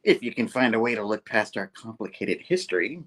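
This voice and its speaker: A man voicing a smug, menacing female villain with a low drawl. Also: lively intonation, fairly quick, a bit bright.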